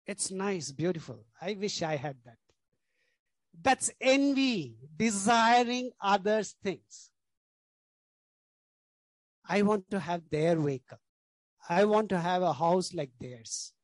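Brief: male pastor, unhurried emphatic sermon delivery, dry close sound, repeats his points. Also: sits high, lively intonation, dry recording. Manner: emphatic preaching, repeats key words, frequent "you know".

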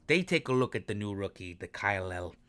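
A man's voice: on the low side, sing-song, brisk, a bit bright, smooth. A man ranting emotionally about his football team, swearing often and mixing sarcasm with affection. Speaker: sports commentator. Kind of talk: profane sports rant.

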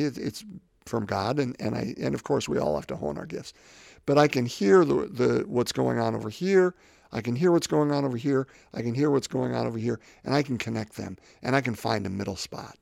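A faith podcast host in his fifties speaks in a medium-pitched, creaky voice with a darkish tone. The studio-quality recording has no room sound, and his reflective talk rambles, with words repeated as he collects his thoughts.

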